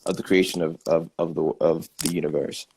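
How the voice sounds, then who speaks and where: A man's voice: low voice, level tone, fairly quick, gravelly, darkish tone, a little hiss or hum, rough recording. A man joining by video call as a guest, explaining in short repeated phrases. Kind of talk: casual discussion.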